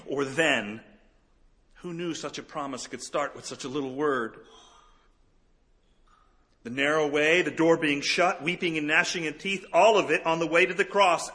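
A middle-aged man preaching a sermon as pastor, swinging between emphatic peaks and soft, slow, quiet passages. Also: on the high side.

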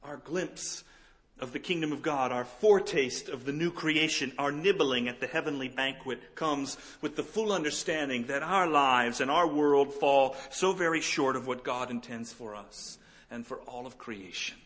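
A middle-aged man preaching a sermon as pastor, swinging between emphatic peaks and soft, slow, quiet passages. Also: mid-range voice.

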